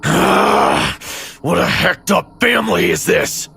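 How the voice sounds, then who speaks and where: Gravelly, bright-edged drunk thug, very high, drawn out and spiteful. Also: male voice, expressive, slow, a little hiss or hum, full character voice. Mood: disgusted. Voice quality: gravelly, yelling. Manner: screaming taunts and cackling. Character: drunk, violent, sneering grown man stepfather.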